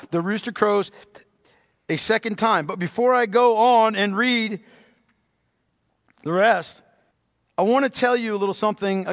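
A pastor preaches with fervent repetition, his voice pitched notably high. He presses each point home and calls out to his listeners. The sound rings with the long reverb of a church sanctuary. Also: fairly bright tone. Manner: impassioned, repetitive preaching, calls congregation "beloved". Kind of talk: sermon.

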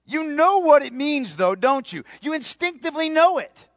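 A man preaching a sermon, emphatic, repeating key phrases and dropping to a hushed voice for stress. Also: extremely high pitch, big pitch swings, normal speed, dry recording, clean studio sound. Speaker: pastor.

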